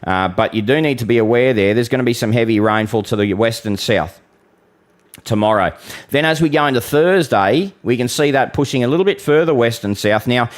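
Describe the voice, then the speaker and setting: A man's voice: mid-range voice, a little fast. An Australian man hosting a live weather stream, talking bluntly and chattily to viewers, calling them mate. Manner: occasional mild swearing. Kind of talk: casual live-stream forecast with audience Q and A.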